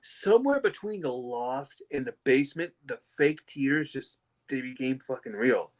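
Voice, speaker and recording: A young man co-hosting a casual wrestling podcast, an animated storyteller who slips into mocking fake-crying voices. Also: medium pitch, moderate pace. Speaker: podcast co-host.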